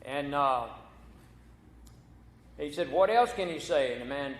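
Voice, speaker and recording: A man's voice: fairly high pitch, expressive, measured pace. A man preaching a folksy sermon as pastor, telling a corny joke before turning to scripture. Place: church sanctuary. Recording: echoey church hall.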